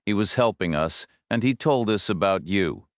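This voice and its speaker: A man voicing a frail old woman who speaks hesitantly, wavering, low and resigned. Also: expressive, normal speed, no echo, clean studio sound.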